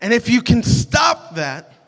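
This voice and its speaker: A male pastor delivers an impassioned sermon, hammering points home through repetition and quick restarts. His voice sits high for a man and rings out with long reverb through a large church hall. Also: big pitch swings, gravelly, fairly bright tone. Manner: impassioned, repeats phrases for emphasis, frequent restarts.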